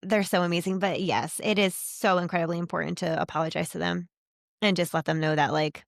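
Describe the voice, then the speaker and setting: Chatty lady host, kinda low and gravelly, gushes a lot, dry mic. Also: steady tone, brisk, dry recording. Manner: chatty and effusive, many fillers. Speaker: podcast host. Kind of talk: casual faith conversation.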